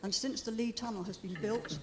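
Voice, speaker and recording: A woman's voice: fairly high pitch, steady tone, a little fast, long reverb tail, a little hiss or hum. A middle-aged woman campaigner addressing a committee, earnest and hesitant with frequent ums. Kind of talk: public statement. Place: large meeting chamber.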